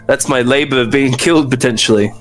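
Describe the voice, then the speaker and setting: A man's voice: medium pitch, a little fast, over music. A man playing a tabletop game, planning his character's moves aloud and talking persuasively. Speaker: player.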